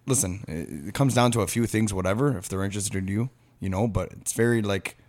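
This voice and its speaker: Low-voiced, halting male podcast guest. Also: darkish tone. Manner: halting, many restarts and fillers. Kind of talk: casual chat.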